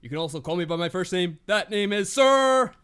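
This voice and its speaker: A bullying, pompous drill sergeant major, put on by a man reading a visual novel, barking commands in a very high, strained register. His tone is sharp and forceful, and he sneers every insult at his cadets. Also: animated, brisk, smooth. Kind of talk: visual novel voice acting on a live stream.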